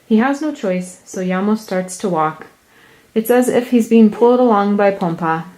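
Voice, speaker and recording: A woman reading a picture book aloud, narrating slowly and deliberately in a soft voice. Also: mid-range voice, lively intonation. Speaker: storyteller.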